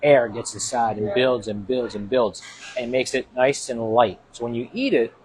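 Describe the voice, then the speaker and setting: A man's voice: medium pitch, moderate pace, background noise. A restaurant owner from Italy giving a casual interview, explaining his food with lots of fillers and restarts. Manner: explanatory, hesitant with many fillers.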